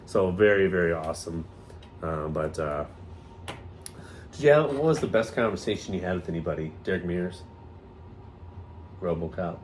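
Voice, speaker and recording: Rambling low-voiced man telling stories. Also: slight background noise. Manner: rambling, animated, quick to mimic others' voices. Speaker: podcast co-host. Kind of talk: casual storytelling chat.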